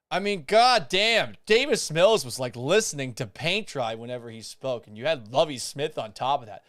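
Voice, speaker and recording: A man hosting a live sports talk show, delivering an animated, sarcastic monologue and swearing for emphasis. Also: mid-range voice, normal speed, few pauses, dry recording, studio quality. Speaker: podcast host.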